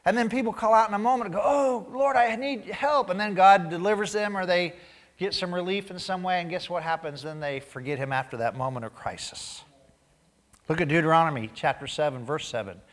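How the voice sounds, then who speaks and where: A man preaching a sermon as pastor, animated, acting out quoted voices and dropping to a near-whisper for emphasis. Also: on the high side, a little fast. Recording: long hall reverb.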